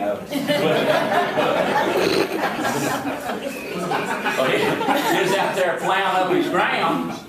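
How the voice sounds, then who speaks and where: A man's voice: high-pitched, noisy background. Drawling Southern man telling folksy yarns. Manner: slow drawling folksy yarn-spinner. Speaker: comedic entertainer in character as a small-town deputy. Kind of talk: folksy stand-up storytelling to a live audience. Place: live venue before an audience. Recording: echoey room, distant mic.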